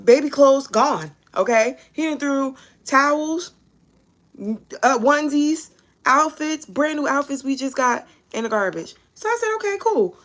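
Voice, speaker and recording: A young woman hosting a tarot live stream, chatting casually and telling animated stories with casual cursing. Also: high-pitched, a little slow. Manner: chatty, animated storyteller who curses casually.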